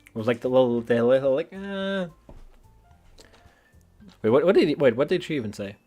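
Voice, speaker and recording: Stammering, lively male gaming streamer. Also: medium pitch, moderate pace, faint music behind. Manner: stammering, rambling, jokey. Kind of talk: casual gameplay commentary. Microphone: desk mic with face cam.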